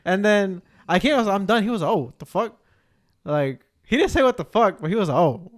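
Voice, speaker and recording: A man's voice: high voice, lively intonation, fast talker. A young man in his twenties co-hosting a podcast, telling a joking, slangy story in casual chat. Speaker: podcast co-host.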